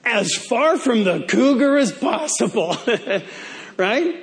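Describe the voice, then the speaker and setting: A man's voice: very high-pitched, sing-song, slow pace. A male pastor preaching a sermon in a playful way, stretching key words out for emphasis.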